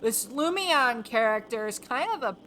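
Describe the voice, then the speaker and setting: A woman's voice: on the high side, expressive, normal speed, pushed and bright, a little hiss or hum. A woman streaming a video game, chatting along with giggles and exclamations, with game music behind. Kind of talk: live game commentary.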